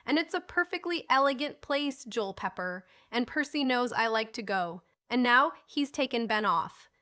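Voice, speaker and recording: An excitable, bossy young boy from a storybook, read by a woman narrator. He speaks in a high, bright, forceful voice and keeps exclaiming and insisting. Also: normal speed. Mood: excited. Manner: eager, exclaiming, raised voice. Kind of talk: audiobook character reading.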